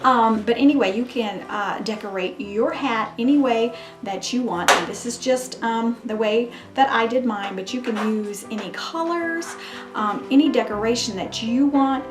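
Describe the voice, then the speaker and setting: A woman's voice: fairly high pitch, moderate pace. A woman hosting a crafts tutorial, talking in a chatty, gushing way as she demonstrates. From Mississippi, US. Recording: roomy echo with background music.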